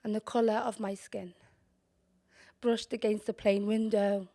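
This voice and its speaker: A young woman with a Scouse accent performing spoken-word poetry in a measured, deliberate way, sometimes dropping to a whisper. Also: medium pitch, little pitch movement, mellow. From Liverpool, England. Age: young adult. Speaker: poet.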